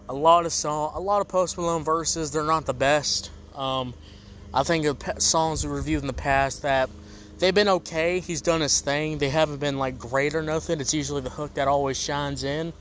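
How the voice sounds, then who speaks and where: A man's voice: on the high side, steady tone, moderate pace, a bit bright, slight background noise. A man hosting a casual comedic music review show, rambling and joking in a laid-back way.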